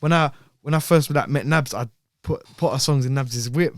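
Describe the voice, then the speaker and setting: A young man, a podcast guest telling animated stories in slang, often repeating himself. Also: medium pitch, normal speed, no room sound. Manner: animated storyteller, heavy slang, repeats words. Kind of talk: casual chat.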